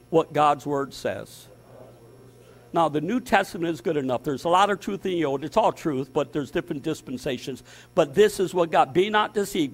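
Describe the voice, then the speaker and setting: A man preaching as pastor, fervent, dropping to hushed tones and rising to loud, emphatic lists. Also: fairly high pitch. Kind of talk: sermon.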